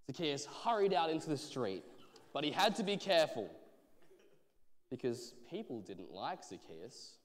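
A man telling a children's Bible story on a church stage, with expressive, drawn-out phrasing. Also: medium pitch. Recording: church hall reverb.

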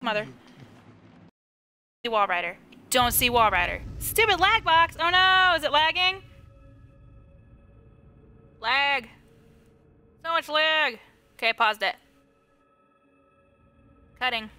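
A woman's voice: high-pitched, very animated, takes it slowly, long pauses, pushed and bright, soft background music. A young woman streaming a game live, chatting to the game and greeting her viewers. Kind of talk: live gameplay commentary.

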